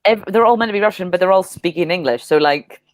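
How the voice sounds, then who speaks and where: A woman with an Irish accent, chatting as a comedian on a panel show, rambling and animated. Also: lowish voice, fast, a little hiss or hum. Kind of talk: casual comedy panel chat.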